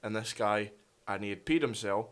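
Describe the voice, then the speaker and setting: A man's voice: fairly low pitch, normal speed, fairly bright tone. A young Scottish man co-hosting a radio chat show, telling stories with dry, teasing banter. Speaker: radio co-host. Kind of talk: casual chat.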